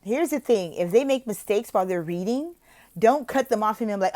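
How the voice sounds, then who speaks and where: A woman from the United States explaining how to teach online English lessons, switching between casual advice and slow, exaggerated teacher talk. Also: mid-range voice, animated, mellow. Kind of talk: instructional vlog with role-played teaching examples.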